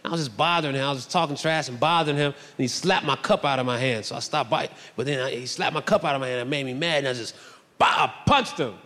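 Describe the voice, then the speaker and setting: A man doing a stand-up comedy set on stage, animated and breaking into loud shouted bits. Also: mid-range voice, racing, hardly any pauses. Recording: reverberant hall with faint ambience.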